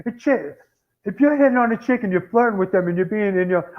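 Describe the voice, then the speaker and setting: A man's voice: high-pitched, fast talker. Blunt opinionated man, lo-fi podcast. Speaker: podcast co-host. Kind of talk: casual banter. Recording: dull lo-fi sound.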